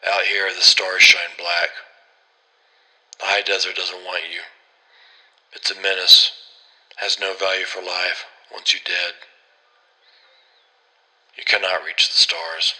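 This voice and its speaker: A man's voice: low-pitched, flat delivery, takes it slowly, pauses often, sharp tone, low-quality recording. A man narrating a horror story in a grim, terse first-person voice.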